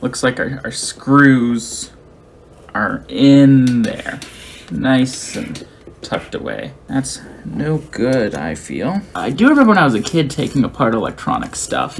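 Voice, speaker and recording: A man's voice: lowish voice, sing-song, a little slow, slight background noise. A man streaming live, chatting casually with viewers and thinking aloud while he works on a repair.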